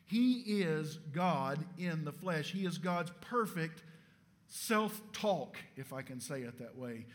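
In this clip, a man preaches with emphasis, asking rhetorical questions and bringing his voice down low as each phrase finishes.

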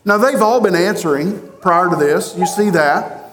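A pastor delivering an emphatic sermon, with rhetorical questions and long pauses. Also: male voice, sits high, a bit bright, a little hiss or hum. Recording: roomy echo.

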